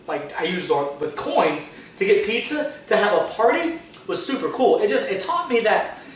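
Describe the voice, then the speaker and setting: A man's voice: high-pitched, big pitch swings, moderate pace. A man hosting a business podcast, telling long casual stories full of "like" fillers and the odd swear word. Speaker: podcast host, business owner. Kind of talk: casual storytelling chat. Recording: echoey room, distant mic, faint noise.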